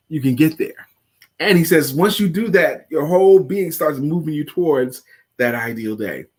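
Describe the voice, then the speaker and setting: A man's voice: on the high side, breathy edge. Chuckling man co-host telling a story. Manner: halting, with many fillers and restarts, chuckling at his own story. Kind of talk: casual storytelling on a live show.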